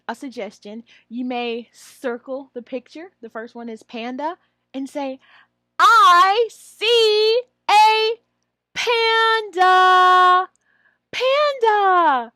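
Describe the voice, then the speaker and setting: A woman explaining how to teach a lesson, slipping into a high, drawn-out teacher voice to model phrases. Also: no room sound. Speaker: online English teacher trainer. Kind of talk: instructional walkthrough.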